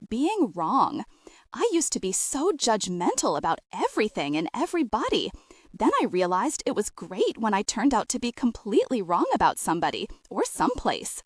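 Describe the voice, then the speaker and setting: A little ladybug, played by a woman reader, speaking in a thoughtful, confiding way. The read is close and dry, with lively shifts in pitch. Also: moderate pace, dry recording. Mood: reflective. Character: small reflective female ladybug.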